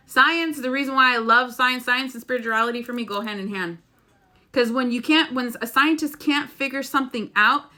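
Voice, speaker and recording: In a casual spiritual vlog, a woman speaks earnestly and emotionally to her viewers, rambling and occasionally swearing. Her voice is fairly high, bright and forceful.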